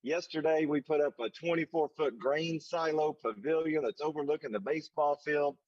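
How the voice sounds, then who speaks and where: A man's voice: a little high, moderate pace, darkish tone, dry recording, lo-fi sound. A man giving a motivational leadership talk in a folksy, emphatic way, often repeating his phrases for effect. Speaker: leadership summit speaker. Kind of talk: motivational speech.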